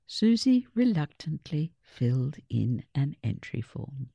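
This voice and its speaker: A woman reading a children's picture book aloud with a very lively, sweeping pitch and an unhurried pace. Her voice is gravelly, husky and mellow, recorded dry and close. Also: no room sound. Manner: slow and expressive. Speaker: storyteller.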